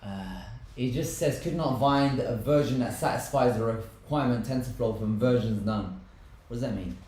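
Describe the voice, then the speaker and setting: A man co-hosting a live tech show, talking casually with a wry, chatty manner. His voice bounces around a very echoey room. His pitch sits in an ordinary middle range. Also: moderate pace. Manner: chatty, wry commentary on software trials. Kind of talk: casual live-stream chat.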